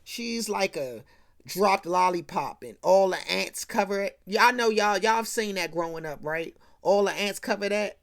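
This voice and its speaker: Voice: mid-range voice, expressive, unhurried, creaky, a bit bright. Casual recap host, slangy, conversational, checks in with the audience a lot. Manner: slangy, keeps checking in with "right?". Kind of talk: casual rant retelling a film.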